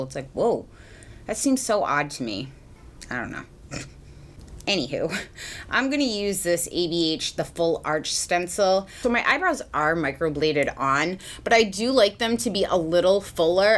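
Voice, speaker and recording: A chatty woman in her thirties from the US talks through her makeup routine at home, rambling with fillers and self-deprecating laughs. Her voice sits low for a woman. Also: a bit bright. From United States. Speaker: beauty vlogger. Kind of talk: chatty get-ready-with-me vlog. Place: home, at a mirror, indoors.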